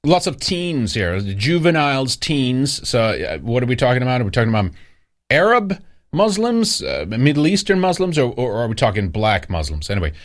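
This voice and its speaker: Man, livestream host, casual news commentary, rambling, hesitant, animated pitch. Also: normal speed. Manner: rambling, hesitant, many fillers and restarts. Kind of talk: casual news commentary reading viewer chat.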